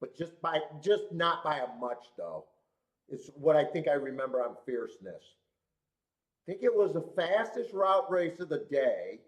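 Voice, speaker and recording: A man's voice: a little high, animated, moderate pace, dull audio. Young male host, slightly raised voice, stuffy from a cold, profane and rambling, casual live-stream delivery. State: congested from a cold. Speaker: horse racing show host.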